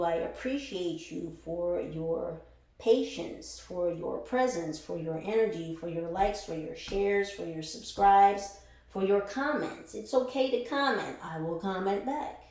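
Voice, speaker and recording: Here a woman with a medium-pitched, somewhat dark voice does a casual spiritual reading for her followers. A tarot reader by trade, she's blunt, profane, and quick to laugh mid-sentence. The audio comes from an echoey space, with her well away from the mic.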